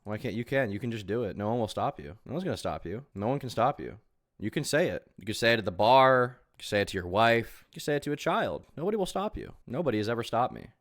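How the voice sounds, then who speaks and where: A man's voice: medium pitch, expressive, fast. A man streaming live reaction commentary on a video, talking in a sarcastic, crude and mocking way.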